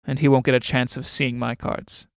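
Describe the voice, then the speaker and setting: A man reading the part of a sardonic aging army captain, dry and mocking, with a smooth, resonant voice on a dry close microphone. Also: medium pitch, little pitch movement, normal speed, dry recording, natural voice.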